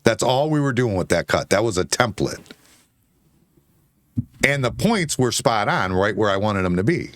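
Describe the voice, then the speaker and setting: Insistent, defensive man with a lively voice. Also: lowish voice, normal speed, long pauses, no echo, clean studio sound. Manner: defensive, insistent, swears, repeats himself. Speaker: co-host. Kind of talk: heated bar-talk argument.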